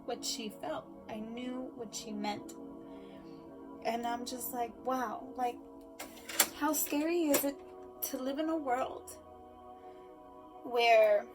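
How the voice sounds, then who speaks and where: Woman speaker, slightly high voice, emotional personal story, loud emphasis and quiet asides, music underneath. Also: steady tone, slow pace, pauses often.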